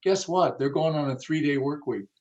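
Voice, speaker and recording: Speaking at a normal speed, a man with a slightly high, darkish voice discusses the car audio industry in an interview; the recording's highs are cut off. His style is blunt, casual and somewhat profane, and he plays out quoted dialogue.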